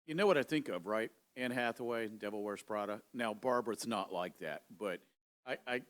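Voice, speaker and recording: A man hosting a casual interview, relaxed and responsive. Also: lowish voice, normal speed. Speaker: host.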